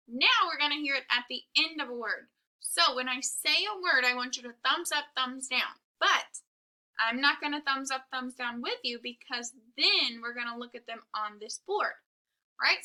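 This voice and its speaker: Bright-voiced woman teaching young children. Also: high voice. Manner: slow, exaggerated sounding-out of letters and words. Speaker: kindergarten teacher. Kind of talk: recorded phonics lesson for young children.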